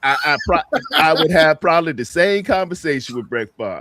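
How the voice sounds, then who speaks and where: A man in casual sports podcast chat, talking in an animated, repetitive, heated way. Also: on the high side, brisk.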